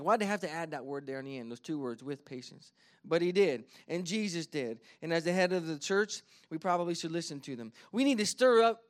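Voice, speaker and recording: A man in his thirties, a pastor preaching a sermon, earnest, shifting from quiet storytelling to emphatic points and reading scripture slowly. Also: a little high. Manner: reads scripture slowly and deliberately.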